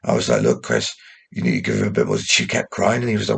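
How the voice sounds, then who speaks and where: A man talking in a rambling, casual monologue, often swearing and restarting his sentences, with a gravelly, husky voice. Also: very deep voice, very animated, fast talker, a bit bright, a little hiss or hum. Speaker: commentator.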